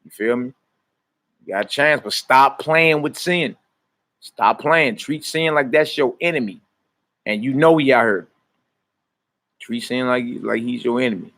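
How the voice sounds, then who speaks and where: A man's voice: mid-range voice, measured pace, pauses often. Laid-back man preaching in street slang. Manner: relaxed street slang, addresses viewers by name. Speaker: minister teaching scripture. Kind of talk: casual livestream sermon.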